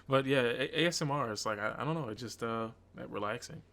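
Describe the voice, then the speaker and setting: Relaxed young man hosting a podcast. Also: medium pitch, a little fast, vocal fry. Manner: relaxed, rambling, asks follow-up questions. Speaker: podcast host. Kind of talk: casual chat.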